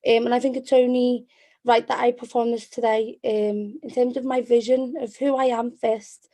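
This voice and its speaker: A woman in her twenties with a Scouse accent, a poet reciting spoken word poetry in a measured, rhythmic way. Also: a little high, level tone, dark tone. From Liverpool, England.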